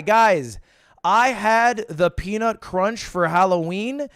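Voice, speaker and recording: A young American man streaming, chatting casually and jokily, breaking into loud outbursts now and then. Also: sits high, takes it slowly, clean tone, dry recording, clean studio sound. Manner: animated, jokey, swings into loud outbursts. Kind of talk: casual livestream chat.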